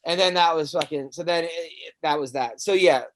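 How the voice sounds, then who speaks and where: Slight background noise sits under a man, a stand-up comic and podcast host, as he rambles through a lengthy story in casual talk. His voice leans high and his pace is fairly quick; he swears, stays lively, and often trips over and restarts his lines.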